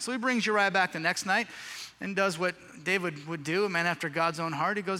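A man's voice: sits high, a little fast, sharp tone. A male pastor preaching a sermon, telling a scripture story in a casual, slangy way. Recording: reverberant hall.

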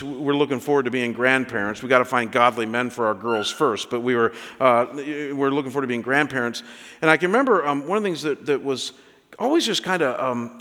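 A man in his fifties preaching a sermon, telling stories in an animated way with many restarts. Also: mid-range voice, in a large hall. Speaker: pastor.

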